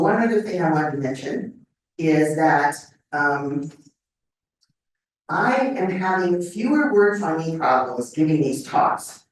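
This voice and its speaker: A woman's voice: deep voice, slight background noise. Older woman lecturing in an echoey hall. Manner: conversational, checks in with "okay?". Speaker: memory lecturer. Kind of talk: live lecture to an audience. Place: lecture room. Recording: echoey hall mic from a distance.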